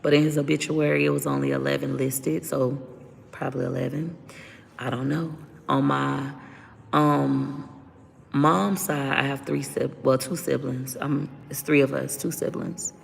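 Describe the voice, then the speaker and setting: A woman's voice: extremely low pitch, level tone, measured pace, gravelly, in a large hall. A woman talking candidly as an interview guest about her own life, blunt and profane as she vents. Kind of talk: candid personal storytelling.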